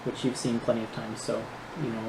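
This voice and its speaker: A man running a tabletop game as dungeon master, narrating in a relaxed, hesitant way with many pauses. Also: medium pitch, vocal fry. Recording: echoey room with background noise.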